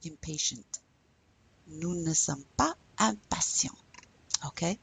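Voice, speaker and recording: Husky-voiced woman teaching a French lesson. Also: sits low, fairly bright tone, poor audio. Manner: patient, explains step by step; models French phrases slowly. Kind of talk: recorded online lesson.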